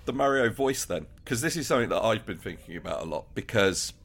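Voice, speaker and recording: A young man co-hosting a podcast, building comic theories in casual chat with a laughing, animated manner. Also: fairly low pitch, quick pace, gravelly, husky. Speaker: podcast co-host.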